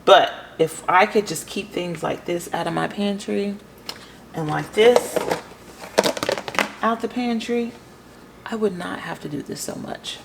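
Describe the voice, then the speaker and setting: A woman with a Southern US accent chatting casually to viewers while clearing out her kitchen, a little winded. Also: fairly low pitch, a little slow, long pauses. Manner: chatty, talks to viewers as guys, sighs. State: a bit out of breath. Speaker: vlogger. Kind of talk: casual declutter vlog talk. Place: home kitchen. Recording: echoey kitchen, faint room noise.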